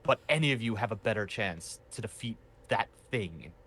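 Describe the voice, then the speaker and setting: A man voicing a shaken male town governor who makes a formal, hurried plea. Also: lowish voice, expressive, a bit bright, breathy edge. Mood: pleading.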